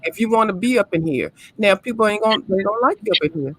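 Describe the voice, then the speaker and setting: A woman's voice: medium pitch, lively intonation, fast talker, creaky, slightly rough, no room sound. A woman calls in to a live chat and talks bluntly, swearing as she scolds. She is from the Washington DC area. Her voice sounds dry and close. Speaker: caller. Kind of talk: casual call-in chat.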